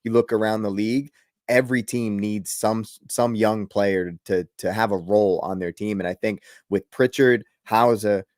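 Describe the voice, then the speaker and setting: A man's voice: on the low side, normal speed, no room sound, studio quality. A young man from the Boston area, co-hosting a casual sports chat in a rambling, laughing way. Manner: relaxed, rambling, laughs often. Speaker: podcast co-host.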